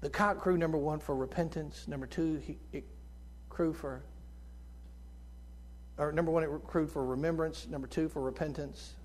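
A middle-aged man with a fairly high, squeaky tenor voice preaches a sermon. He is impassioned, pushing his voice loud and urgent and then dropping to near-hushed tones. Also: fairly even intonation, moderate pace. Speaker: visiting preacher.

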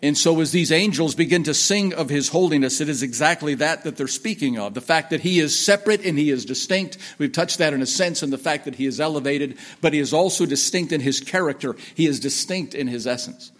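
A man's voice: a little high, fairly quick, hardly any pauses. A man preaching a sermon, with folksy asides and emphatic repetition, often rambling off topic. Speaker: pastor. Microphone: sermon on an iPad from notes.

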